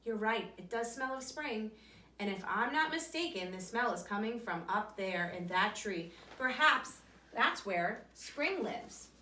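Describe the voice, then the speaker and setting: A woman doing a gruff, sleepy storybook bear. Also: medium pitch, expressive, sharp tone, echoey room, recorded from a distance, a little hiss or hum. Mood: calm. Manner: gruff, slow. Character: big sleepy grumpy male bear. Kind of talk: storybook reading.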